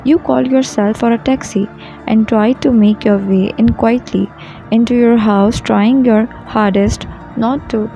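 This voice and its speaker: Mellow woman narrating a romance story. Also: on the high side, steady tone, measured pace, faint music behind, low-quality recording. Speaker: fan fiction narrator. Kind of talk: scripted second-person romance narration.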